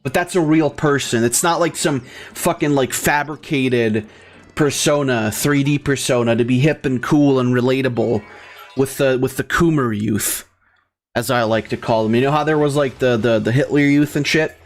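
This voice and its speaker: A man's voice: mid-range voice, fairly even intonation, moderate pace, soft background music. A man doing gameplay commentary in a crude, sarcastic, profane rant. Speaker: let's play host.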